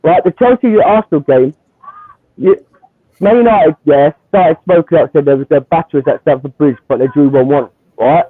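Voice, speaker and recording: A man, a Chelsea fan arguing football in heated banter, animated and repetitive as he talks over the host. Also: on the high side, moderate pace, no room sound, narrow, tinny audio. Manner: animated, repeats himself, talks over others.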